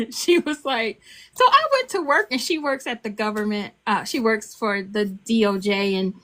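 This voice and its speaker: An older woman chatting as an interview guest, with a high, lively, bright voice that swoops up and down. She talks casually and animatedly, laughing as she tells her stories. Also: normal speed. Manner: animated, laughing, acts out quotes in a high child voice. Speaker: author and guest.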